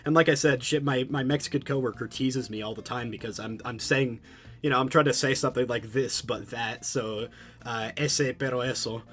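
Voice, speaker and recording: A man in casual streaming chat, talking at an ordinary middle pitch. He rambles from one thought to the next, stumbling into restarts and doubled words as he talks straight to his live audience. He sounds close to a home streaming microphone. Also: steady tone, moderate pace, a bit bright. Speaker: livestreamer. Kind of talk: casual chat with a live chat while studying a language.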